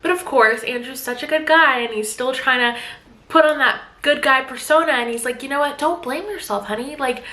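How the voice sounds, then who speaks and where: A woman's voice: fairly high pitch, sharp tone. Chatty young woman recapping a thriller. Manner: chatty and gossipy, full of fillers. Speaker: book vlogger. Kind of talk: casual book recap. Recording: echoey room.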